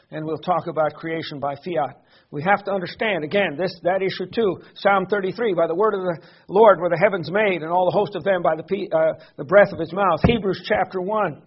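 Male preacher, high husky voice, earnest teaching sermon, dull lo-fi recording. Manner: earnest teaching with frequent fillers and repeated words.

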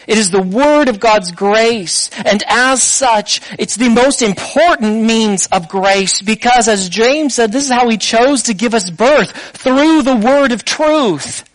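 High-voiced man preaching a sermon. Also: takes it slowly, few pauses, no room sound, low-quality recording. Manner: conversational, asks the listeners rhetorical questions.

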